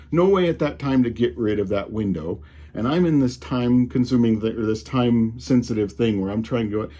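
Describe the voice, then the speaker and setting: Speaking in a lowish, warm voice, this man comments on tech with a faint Colorado drawl. His rant is casual and exasperated, and he keeps starting his sentences over.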